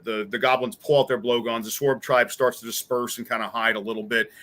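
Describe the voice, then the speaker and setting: A chatty man running a tabletop game with a bright, forceful voice. He reads flavor text and explains rolls at a middle pitch, with lots of fillers along the way. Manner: chatty, laughs easily, many fillers. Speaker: game master.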